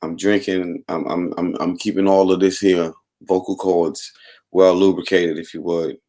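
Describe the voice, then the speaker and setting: A man hosting a casual livestream morning show, his voice hoarse and worn out, talking in a rambling, upbeat way and greeting viewers by name. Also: low voice, level tone, moderate pace. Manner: rambling, upbeat, giving shout-outs to viewers. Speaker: host.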